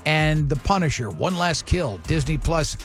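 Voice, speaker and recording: A man's voice: fairly high pitch, lively intonation, moderate pace, soft background music. A man co-hosting a radio show in casual chat, joking and tripping into restarts.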